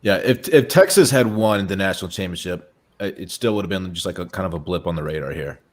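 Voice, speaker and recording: A man's voice: low-pitched, animated, fast talker. A man in casual comedic banter, laid-back, tacking "man" onto his lines. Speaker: panelist.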